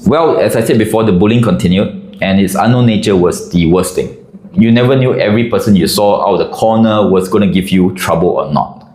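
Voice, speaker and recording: A man from Singapore telling a personal story about army life in an expressive, conversational way. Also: on the low side, brisk. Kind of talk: personal anecdote narration. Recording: echoey room.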